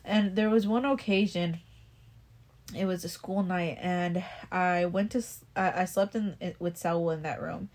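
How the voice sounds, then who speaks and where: Woman, young adult, lowish voice, casual chat, rambling, heavy swearing. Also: steady tone, unhurried, a little mellow. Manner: rambling, swears a lot, restarts often. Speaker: storyteller.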